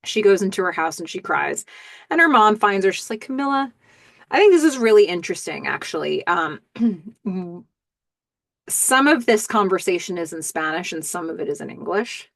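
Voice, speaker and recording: A woman podcast host giving a casual episode recap in an animated, chatty way with many ums. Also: lowish voice, moderate pace, gravelly, dry recording, studio quality.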